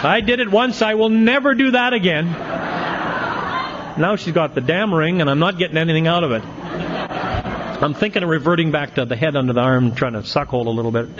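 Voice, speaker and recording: A man's voice: a little high, normal speed, pauses often, highs cut off, crowd noise, background noise. A middle-aged man speaking at an AA meeting, telling his recovery story with folksy, self-mocking humor and punchy comic timing.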